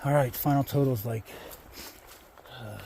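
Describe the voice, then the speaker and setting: A man's voice: medium pitch, normal speed, gravelly, warm tone, slight background noise. A man filming a casual trail vlog outdoors, chatting in a rambling way with lots of fillers. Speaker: hiker vlogger.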